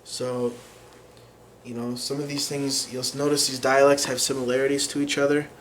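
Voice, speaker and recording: A man explaining a language lesson in an unhurried way, pausing often with fillers as he works through examples. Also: mid-range voice, level tone, a bit bright, slight background noise. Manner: unhurried, many fillers and restarts while explaining. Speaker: language teacher.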